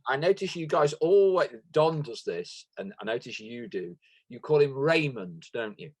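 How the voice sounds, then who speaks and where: A man's voice: mid-range voice, very animated, normal speed, slightly rough. A man hosting a podcast, asking hesitant questions with many fillers. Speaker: podcast host. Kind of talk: casual interview.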